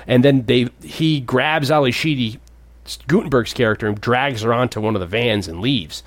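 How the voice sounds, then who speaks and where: A man in his thirties talks through a film in loose, rambling casual chat. His voice sits at a middle pitch and is recorded close and dry, with no room sound. He jumps high to act out the characters. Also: moderate pace, no echo. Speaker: podcast co-host. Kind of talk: casual movie discussion.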